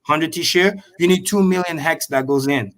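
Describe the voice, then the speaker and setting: A man on a video call explaining crypto with excitable, profane energy and repeating key points slowly for emphasis. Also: on the high side. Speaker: crypto show guest. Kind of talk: animated livestream explanation.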